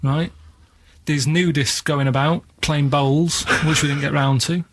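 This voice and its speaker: A man's voice: a little high, steady tone, a little slow, fairly bright tone, slight background noise. A man rambling hesitantly through stories and quiz clues on a radio show, with many fillers, in a studio.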